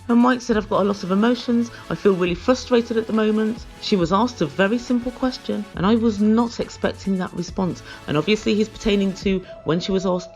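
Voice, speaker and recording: A woman's voice: medium pitch, a little mellow. A woman giving a comedic, sarcastic recap of a reality show. She is dramatic and emphatic and refers to herself in the third person. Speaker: YouTube reality-TV reviewer.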